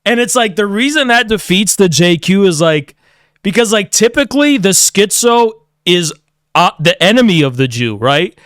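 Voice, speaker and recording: Male streamer, rambling sarcastic rant with frequent laughs; bright, crisp, dry. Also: high-pitched, big pitch swings, normal speed, no echo. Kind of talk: casual political rant.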